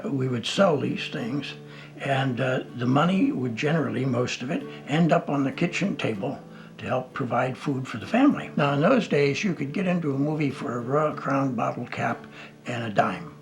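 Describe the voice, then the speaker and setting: A man's voice: medium pitch, vocal fry. An older man telling stories in a documentary interview, acting out dialogue and laughing often. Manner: animated storyteller who acts out dialogue and laughs. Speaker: interviewee, counselor.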